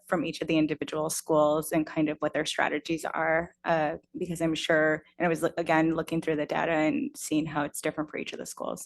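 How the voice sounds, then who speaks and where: Low-voiced woman asking questions. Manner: polite, curious, slightly hesitant. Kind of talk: asking questions at a board meeting.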